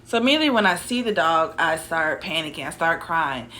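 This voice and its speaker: A woman's voice: deep voice, expressive, fairly quick, bright, forceful tone, slight background noise. A young woman casually telling a personal story, rambling with restarts and asides.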